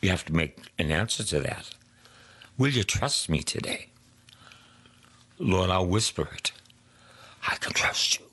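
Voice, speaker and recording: A man preaching a sermon, slow and emphatic, dropping to soft whispers for prayers. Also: low-pitched, lively intonation, husky.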